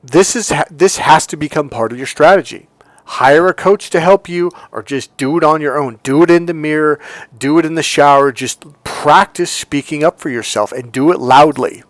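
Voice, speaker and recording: Middle-aged guy coaching, swearing a lot, yells then goes quiet, kinda high voice, dry sound. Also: normal speed, no room sound, soft background music. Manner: blunt and profane, swings between loud commands and quiet asides. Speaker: dating and relationship coach. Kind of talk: emphatic motivational monologue.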